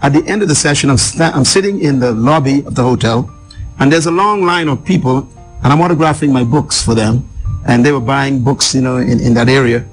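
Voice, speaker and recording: A man's voice: medium pitch, fairly quick, faint music behind. A man from the Bahamas, telling a personal story as a guest in an emphatic, dramatic way.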